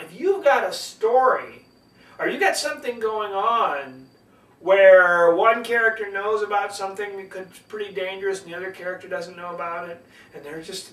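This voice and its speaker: Animated man teaching public speaking. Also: sits high, echoey room, distant mic. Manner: animated, swings between loud and soft to demonstrate. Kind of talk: teaching lesson.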